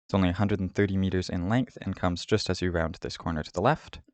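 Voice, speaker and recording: Man, very deep voice, dry close sound, calm methodical route explainer. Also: quick pace, no echo. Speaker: host of a cycling route guide. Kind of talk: scripted voice-over over game footage.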